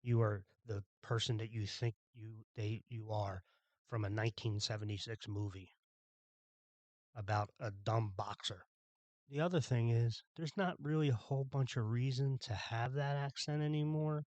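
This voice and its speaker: A man's voice: mid-range voice, moderate pace, a little mellow, no echo, highs cut off. A man from Philadelphia hosting a podcast, delivering a blunt, irritated monologue with some swearing. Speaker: podcast host. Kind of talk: ranting monologue.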